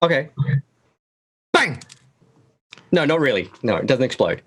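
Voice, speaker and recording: A man running a tabletop role-playing game, narrating the scene in slow, unhurried phrases. His voice sits at an ordinary middle pitch. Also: sing-song, a little hiss or hum. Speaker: dungeon master.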